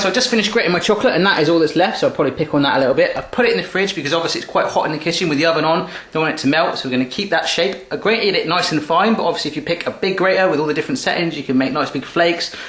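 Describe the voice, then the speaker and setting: A man's voice: on the high side, very fast, a bit bright, echoey room. A man chatting playfully while cooking in his home kitchen, full of cheeky asides. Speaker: cooking vlogger. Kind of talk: jokey cooking video chat.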